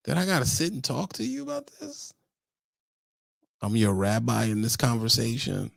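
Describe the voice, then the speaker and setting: Trucker lecturing a trainee: gravelly man, swooping animated delivery, exasperated, preachy. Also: medium pitch, normal speed, dry recording, studio quality. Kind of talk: casual vlog rant.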